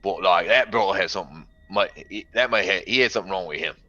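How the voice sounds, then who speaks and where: A man's voice: low voice, fast talker, pushed and bright, muffled recording, full character voice. A man voicing a brash human gunman who swears and asks blunt, cheeky questions. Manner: crude slang and swearing, keeps asking blunt questions.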